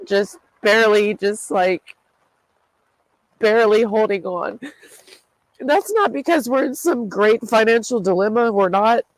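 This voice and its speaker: A woman's voice: medium pitch, measured pace, long pauses, dry recording, poor audio. A tearful, distraught woman vlogging, swearing and repeating herself as she vents. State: crying. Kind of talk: emotional confessional vlog.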